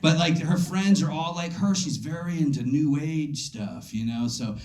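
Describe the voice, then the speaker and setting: A man doing a stand-up set at a comedy club, rambling, calling out to audience members, and jumping into high silly voices for quotes. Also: normal speed, darkish tone. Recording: echoey club room. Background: audience laughter.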